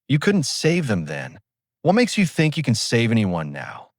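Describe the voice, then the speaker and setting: A man voicing a calm, commanding, cruel spirit in the fog that knows too much. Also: medium pitch, unhurried, no room sound, studio quality. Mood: taunting.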